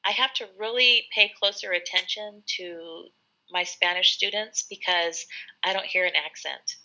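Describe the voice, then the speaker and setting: A woman's voice: on the low side, a little slow, sharp tone, a little hiss or hum, low-quality recording. An American woman, an English tutor, talking in an encouraging, emphatic way in a casual live conversation, often restarting her sentences. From United States.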